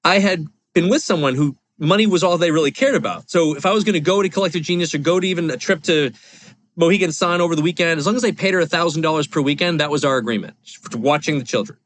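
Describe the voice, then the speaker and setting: A man's voice: on the high side, fast, a bit bright, no echo. A man in his forties, a podcast guest, telling a personal story candidly in a rambling, confessional way with lots of fillers. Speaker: podcast guest, real estate investor.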